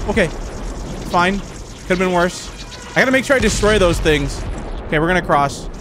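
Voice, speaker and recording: A man with a high, bouncy voice that leaps all over the place, yelping and chattering through a horror game as he plays. He reacts fast and laughs a lot. A steady hiss of noise sits under the recording. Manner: excitable, jumpy, laughs often, quick exclamations. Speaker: gaming commentator. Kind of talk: horror game let's play commentary.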